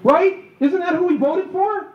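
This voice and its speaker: A man's voice: extremely high pitch, a little slow. A middle-aged man from Michigan giving a comic political talk to a live audience, joking and acting out little voices and asides. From Michigan, USA. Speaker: speaker at a book tour event. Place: auditorium with an audience. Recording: echoey hall, slightly dull live recording.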